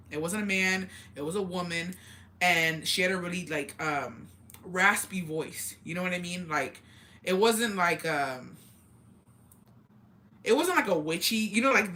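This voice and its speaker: Fast-talking, bright-voiced young woman. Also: on the low side. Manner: profane, animated, slangy. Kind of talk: casual storytelling.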